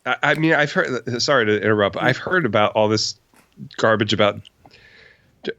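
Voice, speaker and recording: A man's voice: fairly low pitch, moderate pace, sharp tone, no echo. Chuckling man on a dull lo-fi line. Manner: chuckling, easygoing, hesitant restarts. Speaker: guest. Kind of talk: casual chat. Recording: dull lo-fi sound.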